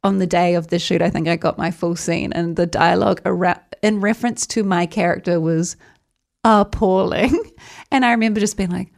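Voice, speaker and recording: A woman's voice: on the low side, fairly even intonation, normal speed, gravelly, a little mellow. Wry laughing New woman. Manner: wry, laughs through her stories, acts out quotes. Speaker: guest comedian. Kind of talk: casual chat, storytelling.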